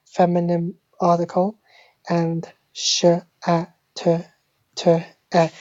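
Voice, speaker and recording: Woman, mock teacher, deadpan, drags out and repeats words, dry close sound, flat delivery. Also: on the low side, takes it slowly, no room sound. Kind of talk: deadpan parody language lesson. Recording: dull lo-fi phone screen recording.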